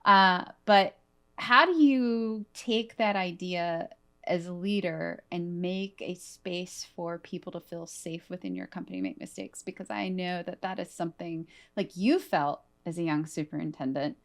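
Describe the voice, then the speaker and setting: A woman's voice: fairly low pitch, expressive, measured pace, a bit bright. A woman hosting a podcast interview, earnest and upbeat, laughing easily with her guest. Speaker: podcast host. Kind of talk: conversational interview.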